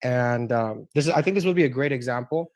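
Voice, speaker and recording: A man's voice: medium pitch, brisk, no room sound. A man hosting a live trading webinar, reading out viewer questions in a casual way full of fillers. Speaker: webinar host.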